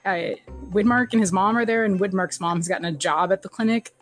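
An animated woman chatting through a TV episode recap, her voice at a middle pitch that leaps high whenever she quotes someone. She laughs often, and faint music sits under her voice. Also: a little fast. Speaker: podcast co-host recapping a TV episode. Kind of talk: casual chat.

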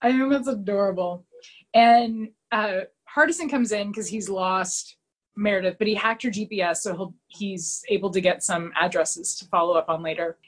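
A woman in casual podcast chat, retelling scenes with lots of fillers and quick quoted voices. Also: mid-range voice, husky, rough recording. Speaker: podcast co-host recapping a TV episode.

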